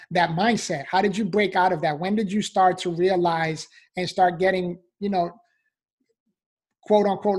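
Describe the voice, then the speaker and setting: A man interviewing a guest, asking long, searching questions in a casual way. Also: sits high.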